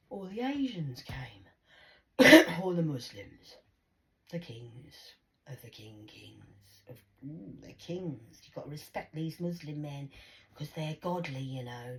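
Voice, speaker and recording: A middle-aged woman with a Geordie accent talks in a loose, rambling monologue, swearing freely as she goes. Her voice sits a little low for a woman, and she slips into other people's voices mid-story.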